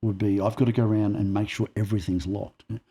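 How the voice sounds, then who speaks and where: A fast-talking Australian man with a lowish, husky voice guests on a podcast. He tells personal stories conversationally and acts out the dialogue as he goes, with an animated storyteller's style.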